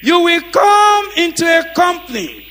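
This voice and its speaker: A middle-aged male pastor preaching a sermon, calling on the congregation to repeat after him and rising to shouts. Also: very high-pitched, big pitch swings, measured pace, soft background music. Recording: echoey hall.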